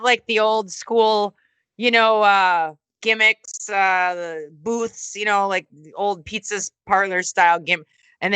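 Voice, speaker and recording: Bright-voiced woman telling wild stories. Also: no echo, rough recording. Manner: animated, swearing, acts out quotes with big pitch jumps. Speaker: interview guest, former wrestling announcer and musician. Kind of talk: casual storytelling.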